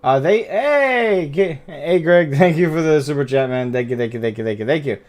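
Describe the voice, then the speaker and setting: A man's voice: fairly high pitch, lively intonation, moderate pace, darkish tone. A man streaming a game, chatting casually in a rambling, profane way, often correcting himself. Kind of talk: casual live-stream chat.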